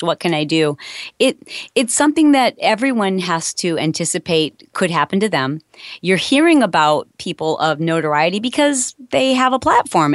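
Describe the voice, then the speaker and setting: Female interview guest, fairly low pitch, dry sound, emphatic and sincere. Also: dry recording. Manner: earnest, emphatic, advising. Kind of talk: interview answer.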